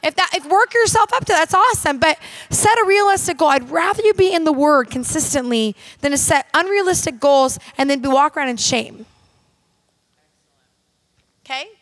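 A woman's voice: sits high, expressive, normal speed, fairly bright tone, no echo. A woman minister preaching a sermon in an emphatic, direct and conversational way, talking straight to her audience.

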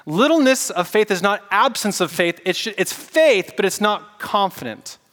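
A man preaching a casual, animated sermon and getting the congregation to repeat words back to him. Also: high voice, measured pace, in a large hall. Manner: casual, animated preaching with audience call-and-response. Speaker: pastor.

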